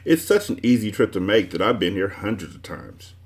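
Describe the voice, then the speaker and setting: A man's voice: on the low side, sing-song, a little fast. A man voicing a confused storybook man who swings between extremes and exclaims in a raised voice. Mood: excited, explaining. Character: confused man, both everything and nothing.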